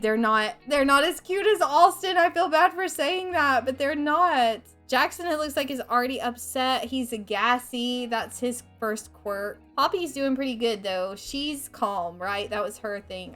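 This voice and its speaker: Chatty higher-voiced woman doing game commentary. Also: fairly bright tone. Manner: chatty, reads on-screen game text aloud; emotional, openly distressed reactions. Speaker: gaming channel host. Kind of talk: let's play commentary.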